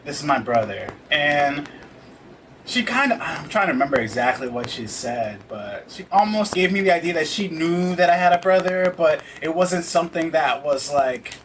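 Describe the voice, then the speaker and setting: A man from New York, a podcast guest, telling stories in an animated way and laughing easily. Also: a little high, normal speed, slight background noise. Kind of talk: casual conversation.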